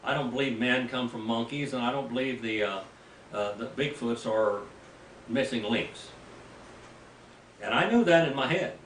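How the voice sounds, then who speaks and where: An older male pastor spins a folksy story from the pulpit, his voice jumping into loud outbursts. He stands away from the mic in a roomy space, with a faint hum of noise behind him. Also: medium pitch, moderate pace, long pauses, distant mic. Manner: folksy, animated storytelling with sudden loud bursts. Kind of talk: storytelling sermon. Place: mission field, preaching to a group.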